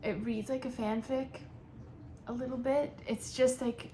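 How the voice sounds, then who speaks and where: A young woman reviewing a book in a casual, chatty way, nitpicky and animated. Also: on the high side, a little slow, a little hiss or hum. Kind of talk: casual chat.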